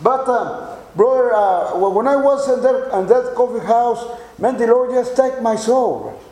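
Older man, Mexican accent, high but mellow voice, halting preacher testimony in an echoey church. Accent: Mexican Spanish. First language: Spanish. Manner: halting, many repeated words and fillers, chuckles.

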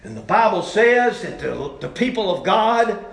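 A man preaching a sermon, telling the story in a folksy way and swinging from shouting to hushed tones. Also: sits high, very animated, unhurried, creaky, echoey room.

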